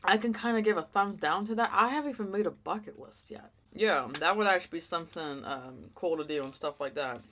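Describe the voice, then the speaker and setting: A woman's voice: lowish voice, a little fast, few pauses, a bit bright, a little hiss or hum. A woman hosting an eating show, chatting casually and rambling with lots of fillers. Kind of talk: casual chat while eating.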